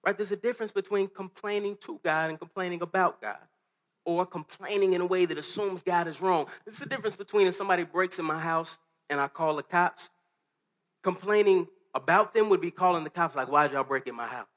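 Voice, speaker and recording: A man's voice: high-pitched, a little fast, fairly bright tone. A man preaching a sermon to a congregation, talking earnestly and conversationally with restarts and rhetorical questions. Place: church hall before a congregation.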